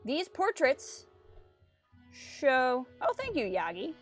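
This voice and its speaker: Woman streamer with a fairly high voice, casual and jokey gameplay commentary, game music faint underneath. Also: wildly swooping pitch, slow pace. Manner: chatty, joking, reads on-screen text aloud.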